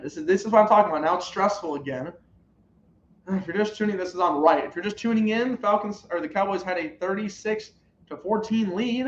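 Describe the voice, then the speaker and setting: A young man streaming live reactions to a football game, calling plays and shouting at big moments. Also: high-pitched, slight background noise. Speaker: sports streamer. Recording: roomy, dull lo-fi live stream audio.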